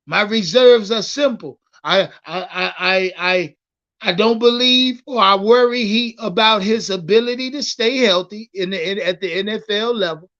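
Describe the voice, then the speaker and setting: A man hosting a casual livestream about football, talking in an animated, profane way and repeating words as he starts his thoughts. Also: high voice, moderate pace, highs cut off. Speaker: livestream sports host.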